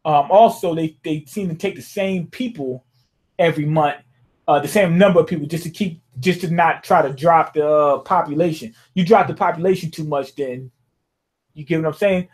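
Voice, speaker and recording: High-voiced young man, rambling review. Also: normal speed. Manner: rambling, loose and conversational, often asks "you know what I'm saying?". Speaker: manga reviewer. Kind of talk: casual chapter review.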